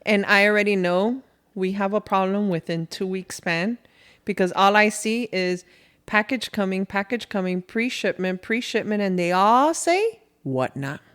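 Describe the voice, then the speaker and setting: A woman co-hosting a podcast, chatting casually in an animated, rambling way with laughs. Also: medium pitch, measured pace, smooth. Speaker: podcast co-host. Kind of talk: casual chat.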